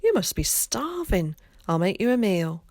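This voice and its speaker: A woman's voice: mid-range voice, very animated, a little slow, dry recording, clean studio sound, pitched above the performer's own voice. A woman doing a fussing motherly village wife. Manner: warm fussing, homely dialect.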